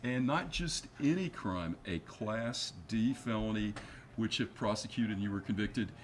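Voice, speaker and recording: A man's voice: on the low side, a little slow, slight background noise. A man, an attorney guest on a studio news interview, explaining at length with frequent fillers and restarts.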